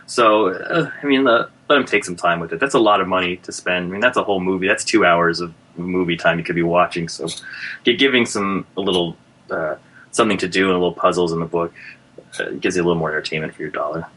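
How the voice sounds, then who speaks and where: A man's voice: low voice, fast, sharp tone, poor audio. A man who writes comics, a guest in a casual podcast interview, talking in a joking, self-deprecating way with lots of restarts.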